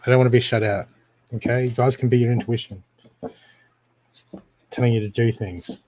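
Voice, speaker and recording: A man's voice: medium pitch, fairly even intonation, normal speed, dark tone. Australian male intuitive reader, live-stream readings, direct address, keeps checking in with the viewer.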